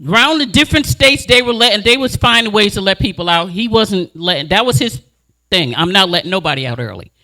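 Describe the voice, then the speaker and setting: A woman community advocate giving an impassioned speech at a community meeting, telling stories in an animated, emphatic and blunt way. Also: medium pitch.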